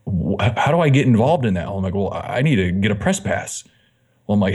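Lively storytelling man, lowish voice. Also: fast, husky. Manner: animated, acts out quoted dialogue. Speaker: guest, fitness magazine editor. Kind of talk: casual storytelling interview.

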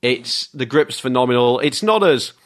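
A man talks cars in a loose, chatty podcast, piling one story onto the next with real enthusiasm. His voice sits at an everyday middle pitch. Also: animated, moderate pace. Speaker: guest, car journalist. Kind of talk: casual podcast chat.

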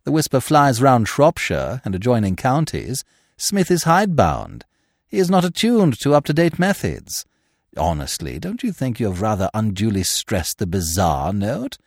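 An unflappable, whimsical young gentleman with languid, over-polite phrasing, as a man reads him. His pitch rises and falls a great deal. The recording is dry and close. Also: wildly swooping pitch, moderate pace, no room sound, full character voice. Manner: languid, elaborately polite speech.

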